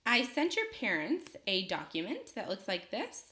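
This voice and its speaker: A woman teaching a phonics lesson to young children, speaking slowly and clearly and pausing for them to answer. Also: mid-range voice, wildly swooping pitch, pushed and bright, reverberant. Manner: slow, clear, patient teacher talk with pauses for students.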